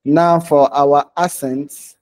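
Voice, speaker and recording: A man's voice: fairly high pitch, steady tone, slow, darkish tone. A man teaching design in a casual live online lesson, talking while he clicks through screens and often checking in with "okay?" and "right?". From Nigeria. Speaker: design instructor.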